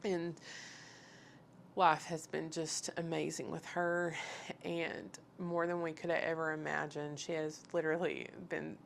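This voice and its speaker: A woman's voice: deep voice, level tone, measured pace, vocal fry, a little hiss or hum. A woman in her thirties telling a personal faith story, candid and full of fillers, acting out the conversations she recounts. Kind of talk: personal testimony.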